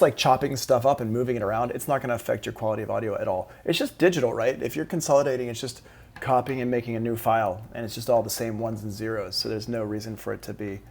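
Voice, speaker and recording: A man's voice: mid-range voice, steady tone, fast talker, vocal fry, darkish tone, a little hiss or hum. A man running a live-streamed music production class, talking students through each step in a casual, upbeat way.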